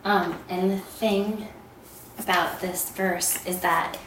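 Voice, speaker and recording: A woman sharing a personal story of faith in an unhurried, soft voice that often trails into a whisper. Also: fairly low pitch, steady tone. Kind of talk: personal testimony talk. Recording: echoey room, voice from far off, background noise.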